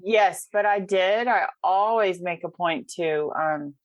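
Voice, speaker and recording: A chatty woman with a Southern US accent, her voice sitting on the low side. She talks casually, full of ums and ready laughter, recorded close and dry. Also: slow pace, dry recording. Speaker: recovery podcast participant. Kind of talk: casual chat.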